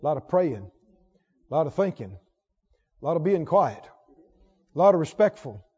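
A man preaching a sermon in a church, fervent and emphatic, swinging from loud to hushed. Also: on the high side, very animated, normal speed, breathy edge. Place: church sanctuary. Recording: lo-fi recording with long hall reverb.

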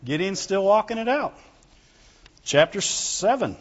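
A high-voiced man preaches a fervent sermon, calling out to his congregation for amens. His voice rings through a long, echoing hall. The recording sounds dull and lo-fi. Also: lively intonation, measured pace. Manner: fervent, calls out for amens and glory to God; reads scripture aloud in old biblical wording. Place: church hall before a congregation.

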